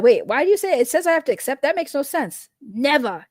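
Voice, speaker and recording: A woman livestreamer from outside the US chatting casually with her viewers, joking around and trailing off into quiet asides. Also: high voice, sing-song, quick pace, few pauses, dry recording, clean studio sound. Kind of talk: casual stream chat.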